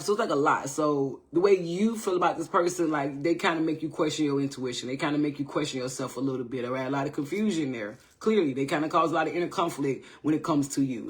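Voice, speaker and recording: A man giving a casual live tarot reading, chatty and repetitive, often checking in with viewers. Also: on the high side. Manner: loose, repetitive, greets viewers by name, says "all right?" often. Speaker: tarot reader on a livestream.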